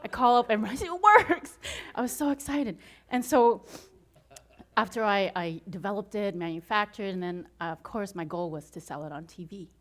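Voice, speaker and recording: A woman giving an inspirational talk to an audience, telling her story with frequent laughter and acting out her own excited reactions. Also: mid-range voice, fairly quick. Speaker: motivational speaker.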